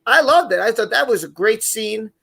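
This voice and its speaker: A man's voice: sits high, animated, normal speed, creaky, bright, forceful tone. A man hosting a live online show, talking casually and rambling with many restarts and repeated words. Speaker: podcast host.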